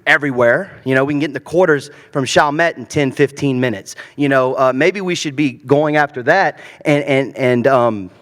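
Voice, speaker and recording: A man's voice: medium pitch, normal speed, few pauses, a bit bright. A man from Louisiana with a faint Cajun accent talks in a loose, folksy way, full of ums and restarts. He is answering at a candidate forum, and his voice carries a long reverb from a big hall. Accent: Cajun, mostly faded. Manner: casual, folksy, many fillers and restarts. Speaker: council candidate. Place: large hall, public forum.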